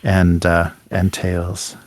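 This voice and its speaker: A man narrating as game master in a tabletop game, halting, with many fillers and restarts. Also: low voice, completely flat delivery, no echo.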